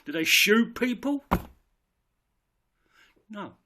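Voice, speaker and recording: A man's voice: a little high, expressive, unhurried, vocal fry, a bit bright, a little hiss or hum. A man giving an impassioned political monologue, emphatic and repetitive, swearing as he rants. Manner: ranting, emphatic, swears, repeats himself. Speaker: political speaker.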